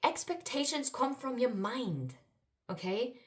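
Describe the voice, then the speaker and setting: A woman doing an intuitive card reading for her viewers, excitable and exclaiming, swinging between murmured asides and loud outbursts. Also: fairly high pitch, takes it slowly. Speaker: spiritual card reader.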